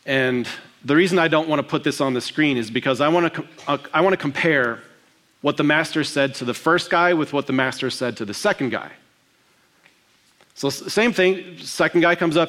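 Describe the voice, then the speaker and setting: A man preaching a sermon, asking the congregation questions and acting out the lines of the parable with slow, stressed delivery. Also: mid-range voice. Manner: expressive preaching, acting out quotes with slowed emphasis. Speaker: pastor.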